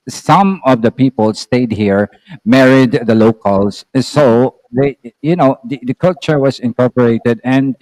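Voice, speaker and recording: A man's voice: mid-range voice, darkish tone, dry recording, poor audio. A man from the Philippines with a Filipino accent, explaining words in a casual conversation and often repeating himself with many filler words. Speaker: guest explaining Filipino languages.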